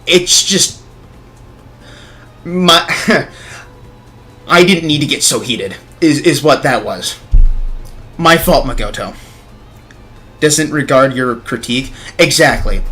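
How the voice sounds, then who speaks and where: Bright-voiced young man ranting on stream. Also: fairly high pitch. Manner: ranting, swearing, apologetic after outbursts. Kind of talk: casual livestream chat while gaming.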